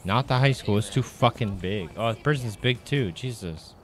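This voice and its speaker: A man's voice: on the low side, moderate pace. A man streaming a game from home, chatting casually, cracking crude jokes and laughing often. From United States. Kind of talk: casual gaming stream chat.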